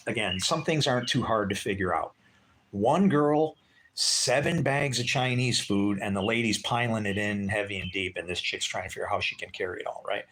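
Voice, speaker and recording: A man's voice: lowish voice, fairly bright tone, a little hiss or hum. Rambling man telling a personal story. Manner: chatty, loose, full of "like" and "right?" asides. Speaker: vlogger.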